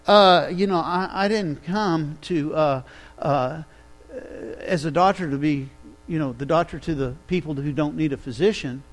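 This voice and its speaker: A quiet, gentle male teacher and healer, as a preacher voices him mid-sermon. He speaks softly, with small hesitations, and stays calm and low-key. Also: slow, long pauses.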